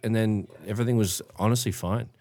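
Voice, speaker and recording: A man's voice: on the low side, steady tone, brisk, a little mellow, no echo. A young Australian man telling crude party stories in a casual chat, full of slang. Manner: crude, laid-back slang, acts out quoted voices. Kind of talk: casual storytelling.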